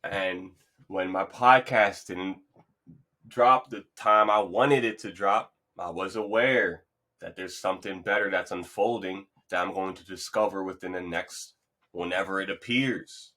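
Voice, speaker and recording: Solo male podcast host, lowish bright voice, loose motivational rambling. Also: fairly even intonation, unhurried. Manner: loose, rambling, upbeat and encouraging. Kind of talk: casual motivational monologue. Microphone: podcast mic.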